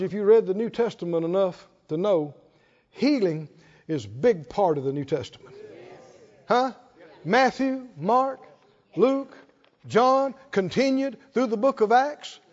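A man preaches in a very high voice that swings widely up and down, with rhetorical questions thrown out to the congregation. The recording sounds dull and lo-fi. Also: in a large hall. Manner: rhetorical, asks the congregation to respond. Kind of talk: sermon.

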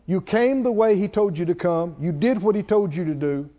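In a dull, lo-fi church recording, a man with a high, mellow voice preaches a sermon at a moderate pace. He works in a call-and-response style, repeatedly asking his congregation questions.

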